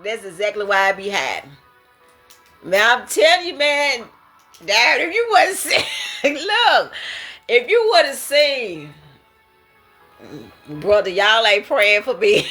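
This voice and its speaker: A woman speaks in an unhurried, drawn-out way, her voice bright and forward. She is sharing her dreams as a casual monologue, exclaiming and laughing often in slangy, emphatic talk. Soft music plays faintly behind her. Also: on the high side. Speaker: creator sharing prophetic dreams.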